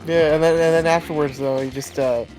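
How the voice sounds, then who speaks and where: A man's voice: on the high side, steady tone, a little fast, darkish tone, faint music behind. A man co-hosting a casual gaming stream, teasing playfully and laughing often.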